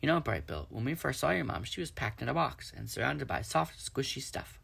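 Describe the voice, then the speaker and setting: A big, easygoing otter from a storybook chats in a friendly, slightly louder voice, as a man reads it. The tone is gravelly and husky. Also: medium pitch, big pitch swings, brisk, voice pushed up, heavily acted. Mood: chatty. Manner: chatty, friendly, a bit louder.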